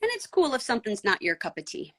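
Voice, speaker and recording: A woman's voice: fairly high pitch, huge pitch swings, fast, a bit bright. Chatty san diego woman on a podcast, says like a lot, easygoing. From San Diego, USA. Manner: chatty, many "like" fillers. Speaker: voice actor guest. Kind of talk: casual podcast chat.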